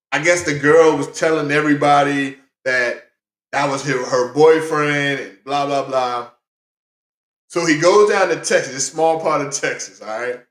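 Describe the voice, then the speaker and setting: A man giving a casual, rambling movie review, excitable and full of fillers and restarts. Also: a little high, echoey room.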